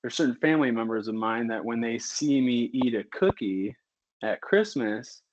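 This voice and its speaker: A candid physician talking on a podcast, getting more and more heated and animated as he goes. His voice sits at an ordinary pitch for a man. The recording is dry and slightly muffled. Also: normal speed, no room sound. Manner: candid and animated, works himself into heated rants. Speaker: physician guest. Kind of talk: casual podcast conversation.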